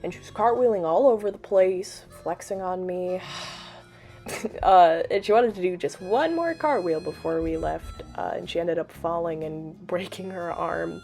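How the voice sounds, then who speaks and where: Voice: mid-range voice, moderate pace, gravelly, a little mellow, faint music behind. A vlogger chatting casually at home while cleaning a toy, rambling and often breaking off to laugh.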